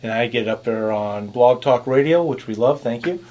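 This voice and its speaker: A man's voice: medium pitch, normal speed, a little mellow. A man hosting a podcast panel, talking animatedly with sarcastic asides. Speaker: podcast host and producer. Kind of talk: casual panel chat.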